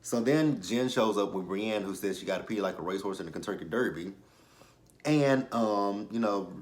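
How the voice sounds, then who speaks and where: A man's voice: on the low side, moderate pace. A man hosting his own channel and recapping a TV episode in loose, profane slang, with lots of fillers and laughs. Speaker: TV episode reviewer, channel host.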